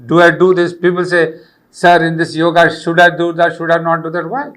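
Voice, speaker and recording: A man's voice: a little high, creaky, a bit bright. An older man, giving an earnest spiritual lecture on yoga and repeating key phrases for emphasis. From India.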